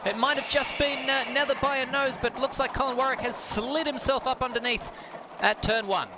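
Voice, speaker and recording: A man's voice: very high voice, fairly even intonation, a little fast, very noisy. A man co-commentating a sim horse race, chatty with enthusiastic exclamations.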